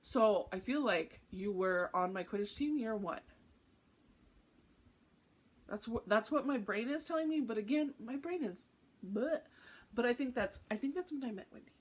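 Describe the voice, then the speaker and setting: A woman with a fairly high voice chats casually as the host of a craft vlog. She talks in a candid, heartfelt way and often laughs. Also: animated, moderate pace, husky. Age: adult with a teenage son. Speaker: cross-stitch vlog host.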